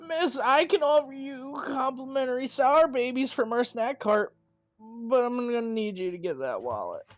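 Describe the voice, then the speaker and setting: A woman voicing a nerdy male video store clerk in a strained, high voice. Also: expressive, normal speed, dry recording, soft background music, natural voice. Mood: stiff polite.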